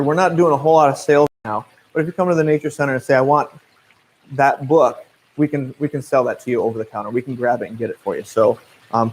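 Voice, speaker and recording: A man in his thirties with a Midwestern US accent, working as a naturalist and answering viewer questions in a relaxed, chatty way full of fillers and restarts. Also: mid-range voice, low-quality recording. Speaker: naturalist guide. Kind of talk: casual livestream Q&A.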